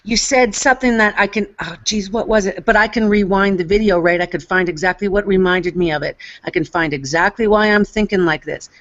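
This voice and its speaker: A woman's voice: mid-range voice, a little fast, hardly any pauses. Rambling, effusive woman. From Canada. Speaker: chat participant. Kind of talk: casual voice chat. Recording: lo-fi online voice chat.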